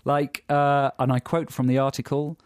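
A man co-hosts a comedy podcast and tells a story with eager, wry energy. His voice sits at a middle pitch and sounds dry and close to the mic. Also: little pitch movement, normal speed, darkish tone, clean tone, dry recording. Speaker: podcast co-host. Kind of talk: casual comedy chat.

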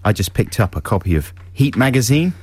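A man's voice: mid-range voice, big pitch swings, fairly quick, breathy edge. A man co-hosting a jokey radio show, telling rambling anecdotes and laughing along. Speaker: radio co-host. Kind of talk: jokey breakfast radio banter. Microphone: studio microphone.

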